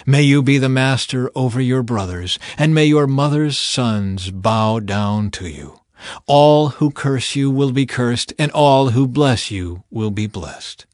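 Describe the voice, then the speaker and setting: A man voicing an old blind father who speaks blessings slowly and gravely in a Bible reading. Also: mid-range voice, a little mellow, no room sound, studio quality, lightly acted. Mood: solemn. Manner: slow, solemn, pronouncing blessings.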